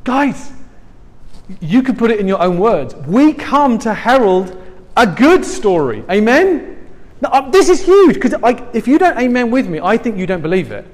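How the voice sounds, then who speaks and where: A man preaching a sermon, animated and emphatic, swinging between loud and hushed. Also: extremely high pitch, moderate pace. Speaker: pastor. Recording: long hall reverb.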